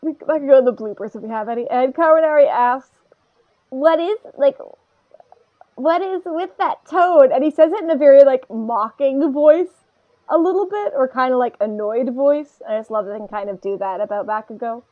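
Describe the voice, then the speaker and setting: A woman's voice: high voice, a little fast, phone-quality sound. A woman co-hosting a podcast, chatting casually and rambling as she recaps an anime episode, often laughing and mimicking characters. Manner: rambling and animated, laughs a lot, puts on voices to quote characters. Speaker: podcast co-host.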